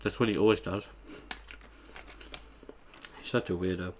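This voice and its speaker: A man's voice: sits low, a little slow, slight background noise. Casual young man chatting while eating. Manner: animated, swearing, acts out a shop argument. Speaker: mukbang host.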